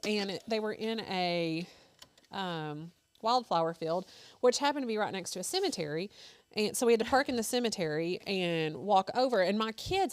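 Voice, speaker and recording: A woman's voice: mid-range voice, dry recording. A woman in her thirties, co-hosting a crafting show, who chats casually and tells rambling family stories full of fillers while she sews. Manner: chatty storyteller with lots of fillers. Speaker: crafting channel co-host. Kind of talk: casual chat while sewing.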